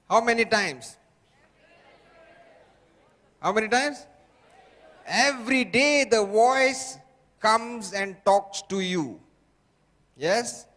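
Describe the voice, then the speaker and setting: A man speaks slowly and deliberately at a motivational seminar and keeps turning questions on the audience. His voice sits high. A long hall reverb rings behind him. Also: expressive, a bit bright. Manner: fires rhetorical questions at the audience.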